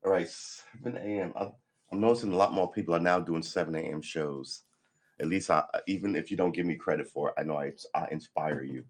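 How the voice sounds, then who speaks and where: A hoarse man hosting a casual morning live stream, rambling through a story and laughing at himself. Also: a bass voice, fast.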